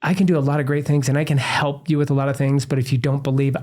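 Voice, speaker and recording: A man's voice: medium pitch, level tone, fast talker, a little mellow. A man co-hosting a podcast as a doctor, talking earnestly in a casual interview and explaining through analogies. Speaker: podcast co-host, functional medicine doctor.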